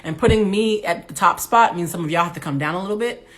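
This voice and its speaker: Loud, blunt woman on a livestream. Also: on the low side, quick pace. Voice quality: big, loud voice. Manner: blunt, animated, profane. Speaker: Instagram Live host. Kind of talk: candid livestream monologue.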